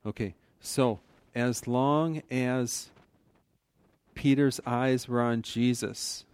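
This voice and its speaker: A man's voice: mid-range voice, fairly even intonation, very slow, a little mellow, clean tone, no echo. A man teaching from the Bible in a conversational, earnest way, often restarting his sentences and adding "you know". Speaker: preacher.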